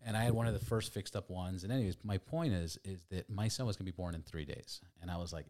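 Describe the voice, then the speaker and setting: A man in his thirties hosting a podcast, telling loose, animated anecdotes with casual swearing. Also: low voice, fast, few pauses. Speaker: podcast host.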